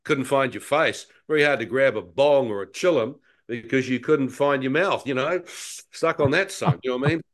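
A man giving an animated, slangy personal testimony as a guest. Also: mid-range voice, normal speed. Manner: animated storyteller, acts out his own thoughts, slangy. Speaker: guest telling a near-death testimony.

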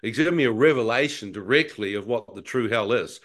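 Man, guest, animated storyteller who acts out his own thoughts, mid pitch. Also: brisk. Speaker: guest telling a near-death testimony. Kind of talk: conversational personal testimony.

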